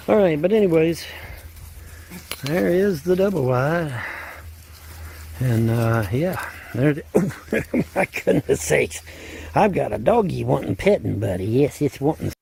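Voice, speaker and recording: A man's voice: on the high side, gravelly, darkish tone, slight background noise. A man filming outdoors in the rain on a phone, rambling and cooing baby talk at his dogs. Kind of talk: casual handheld video narration.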